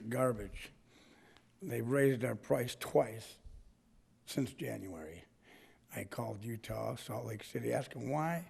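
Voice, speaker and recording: A man's voice: mid-range voice, unhurried, vocal fry, darkish tone, husky. A man with a strained voice, giving a blunt, indignant public comment at a council meeting and repeating points for emphasis. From United States.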